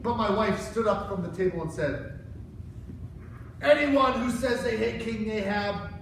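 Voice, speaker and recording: A man playing a whiny, childish grown king in an excitable first-person Bible story skit for children. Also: sits high, a little slow, vocal fry. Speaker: children's church presenter. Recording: echoey hall, far from mic, noisy.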